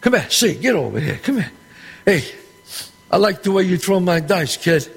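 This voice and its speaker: An actor playing a middle-aged gangster boss who runs a dice game. He is loud and bossy, and he swears and throws insults around freely. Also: high voice, big pitch swings, moderate pace, gravelly, slightly rough, heavily acted. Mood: boisterous. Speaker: mob boss at a craps game. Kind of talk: film dialogue. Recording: echoey hall sound with faint ambience.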